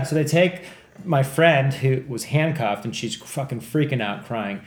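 Man, casual storyteller, profane, animated, acts out characters, roomy echoey sound. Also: medium pitch, a little slow. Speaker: podcast co-host. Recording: echoey room.

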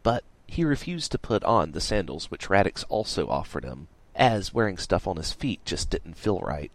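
A man reading an audiobook aloud in a playful, expressive way. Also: low voice, moderate pace, no echo. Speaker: audiobook reader. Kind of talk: audiobook narration.

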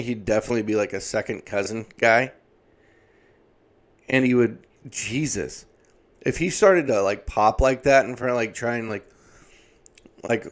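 Man, comedic rant, exasperated, swears constantly, casual delivery. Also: mid-range voice. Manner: profane, exasperated, heavy swearing.

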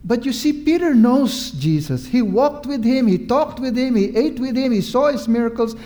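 Slow, animated male preacher with a high voice. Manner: emphatic and repetitive, drawing out words, asks the listeners questions. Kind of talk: sermon.

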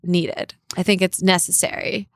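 A woman's voice: on the low side, flat delivery, normal speed, no room sound. Young woman, podcast guest, valley-girl lilt, says like a lot, dry close mic. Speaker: podcast guest, political host. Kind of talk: casual interview chat.

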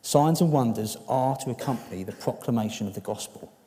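A man preaching a sermon, earnest and emphatic at times, then dropping to quiet, intimate appeals. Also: medium pitch, a little fast, slight background noise. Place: church hall. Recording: long reverb of a hall.

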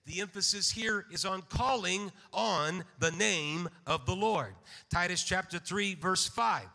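A high-pitched man preaches a sermon. His voice is bright and forceful, and it rings with long reverb through a church sanctuary. He speaks in a measured way and calls out amen. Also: creaky. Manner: measured, slows for scripture readings, calls out amen.

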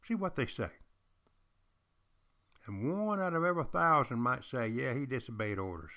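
An older man hosts a podcast with the air of a longtime teacher, retelling history stories. He speaks to his listeners directly, repeating his key points for emphasis, in a voice of ordinary pitch for a man. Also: lively intonation, moderate pace, bright, forceful tone. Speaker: podcast host. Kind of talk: storytelling history lecture.

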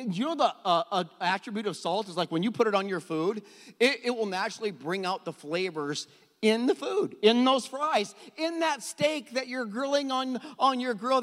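Animated middle-aged male preacher, high voice. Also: in a large hall. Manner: animated, jokey, repeats words. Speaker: pastor. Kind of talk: sermon. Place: church hall.

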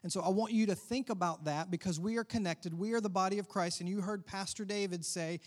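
Conversational pastor preaching. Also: male voice, sits high, fairly even intonation, fast, hardly any pauses. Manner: conversational preaching with asides and laughs. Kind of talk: sermon.

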